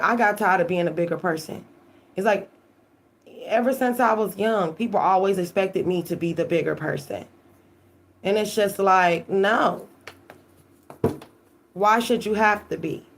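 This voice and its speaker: Brief: woman, tarot reader live-streaming, blunt and emphatic, swears freely, mid-range voice. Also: mid-range voice. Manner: emphatic, profane, keeps asking "okay?".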